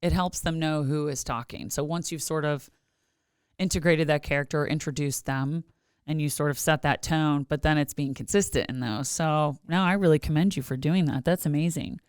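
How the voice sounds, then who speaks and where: A woman's voice: low voice, steady tone, normal speed, clean tone, no room sound, studio quality. A woman hosting a podcast interview, speaking with an encouraging, trained voiceover delivery. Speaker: podcast host. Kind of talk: casual interview chat.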